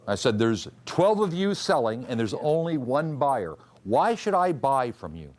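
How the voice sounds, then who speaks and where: A man's voice: mid-range voice, sing-song, unhurried, a little mellow. A man teaching a trading class, quizzing students and repeating key rules. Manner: questions the class and drills answers. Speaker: trading instructor. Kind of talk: classroom lecture.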